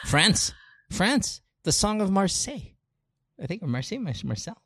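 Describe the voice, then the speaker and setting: A man co-hosting a casual talk show, reading lyrics aloud with animated swearing and laughter. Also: high voice, slow pace, long pauses, dry recording, clean studio sound. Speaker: podcast co-host.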